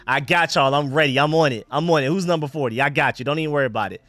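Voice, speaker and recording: A man hosting a casual live football stream, chatting excitedly with viewers and reacting to plays. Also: fairly high pitch, rapid-fire, dry recording. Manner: excited, chatty, talks to chat and his dogs. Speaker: livestream host.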